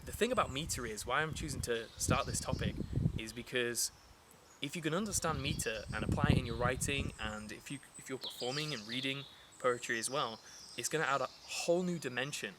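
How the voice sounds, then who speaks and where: A man's voice: mid-range voice, moderate pace, very noisy. Chatty male poetry teacher outdoors. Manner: chatty and explanatory, with many fillers and restarts. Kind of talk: casual spoken lesson. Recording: outdoor recording with clear nature sounds behind. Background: birds and rural ambience.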